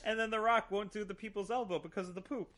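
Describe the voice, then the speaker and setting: A man's voice: sits high, fairly even intonation, fast, sharp tone. A man co-hosting a podcast, recapping episodes in casual chat with dry, easygoing storytelling. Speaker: podcast co-host.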